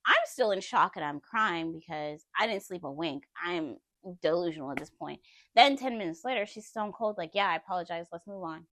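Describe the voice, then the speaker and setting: A woman vlogger tells her own story with lots of emphasis and frequent laughter. Her pitch swings widely as she talks, and the sound is dry and close with no room echo. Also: normal speed. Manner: animated, emphatic, laughs often. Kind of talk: personal storytelling.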